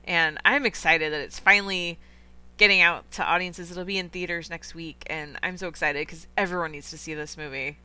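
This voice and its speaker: A woman's voice: on the low side, steady tone, normal speed, bright, forceful tone, smooth. A young woman hosting a film podcast, chatting casually and enthusiastically with strong opinions. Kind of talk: casual film review chat.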